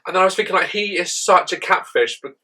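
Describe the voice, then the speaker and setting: Bright-voiced young man, rambling. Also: high-pitched, quick pace, poor audio. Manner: rambling, heavy use of "like", animated retelling. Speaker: podcast co-host. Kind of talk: casual storytelling chat.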